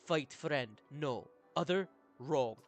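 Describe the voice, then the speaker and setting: A gruff male horse-bodied creature grasps for words one at a time, as a streamer puts him on. His speech is halting and broken, part of a live game read-through. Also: medium pitch, animated, soft background music. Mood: earnest.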